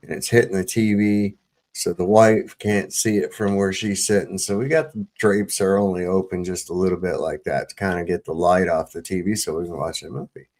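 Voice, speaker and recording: A man's voice: deep voice, steady tone, brisk, a little mellow. A man hosting a live-stream panel, telling a rambling story full of swearing and restarts. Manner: profane, rambling, with many fillers and restarts.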